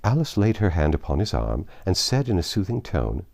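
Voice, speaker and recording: A man with a very low, gravelly voice reads a classic storybook aloud. His delivery is theatrical, with wide sweeps of pitch and a dark, mellow tone. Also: moderate pace, hardly any pauses. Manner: expressive, theatrical reading. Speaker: narrator. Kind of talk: scripted narration of a classic novel.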